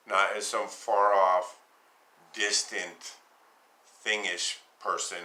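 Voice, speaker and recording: A man giving a spoken Bible teaching, slow and deliberate, leaning hard on single words. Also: deep voice, pushed and bright. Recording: echoey room.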